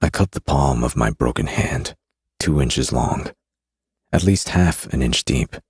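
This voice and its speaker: Deep gravelly man, husky tone, audiobook narration, steady grim delivery, dry close mic. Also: no room sound. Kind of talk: first-person fantasy audiobook narration.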